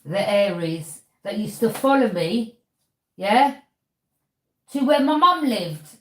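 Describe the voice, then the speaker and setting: A woman's voice: mid-range voice, very animated, takes it slowly, reverberant. A woman tarot reader, delivering an accusing monologue to camera and throwing out "yeah?" as a challenge.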